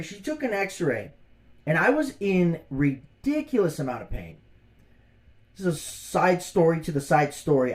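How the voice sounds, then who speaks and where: A man in his thirties rants through a personal story in loose, slangy talk. His fairly high voice swings up and down with lively, exasperated energy. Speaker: vlogger. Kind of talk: casual storytelling rant.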